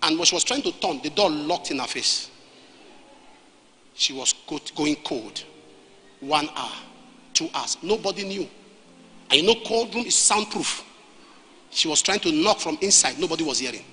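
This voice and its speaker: A man's voice: a little high, expressive, normal speed, long pauses, bright, forceful tone. A man with a Nigerian English accent preaching a sermon as a pastor, telling a story and repeating phrases for emphasis. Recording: reverberant hall, faint noise.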